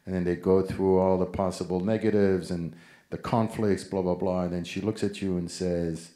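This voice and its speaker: A man's voice: deep voice, flat delivery, moderate pace, warm tone. A man interviewing a guest on stage, asking long, conversational questions. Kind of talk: live onstage interview.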